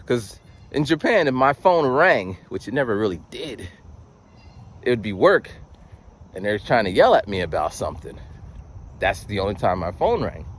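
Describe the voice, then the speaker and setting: Rambling, animated young man vlogging. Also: on the low side, normal speed, pauses often, husky. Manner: rambling, animated, full of restarts and acted voices. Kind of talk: casual monologue.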